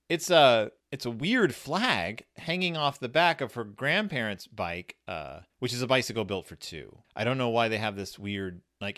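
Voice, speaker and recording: A man's voice: mid-range voice, sharp tone. A man in his forties giving a chatty, amused review of a children's picture book, full of rambling asides. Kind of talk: casual book commentary.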